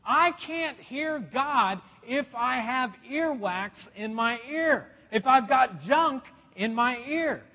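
A pastor preaching a sermon, emphatic, repeating key phrases and dropping his voice low at points. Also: expressive, slow, hardly any pauses. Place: church auditorium. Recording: dull, long-reverb hall recording.

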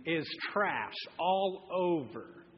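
A man in his thirties delivers a humorous, self-mocking sermon, his fairly high, slightly husky voice rising and falling with lively swings. The sound is muffled and rings with long reverb from a large church hall. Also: very slow. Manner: storytelling, animated, self-mocking. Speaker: pastor. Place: church auditorium.

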